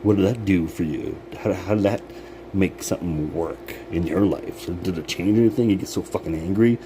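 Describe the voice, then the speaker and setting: Brief: deep-voiced man, loose profane pep talk, steady hum of air conditioning behind him. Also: normal speed. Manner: rambling, profane, laughs often. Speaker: vlogger. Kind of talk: casual motivational monologue.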